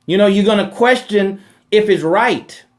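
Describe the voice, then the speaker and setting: A man's voice: high-pitched, a little slow. A man hosting a live question-and-answer talk about money, speaking emphatically in a preachy way, repeating phrases and tagging lines with rhetorical "right?" asides.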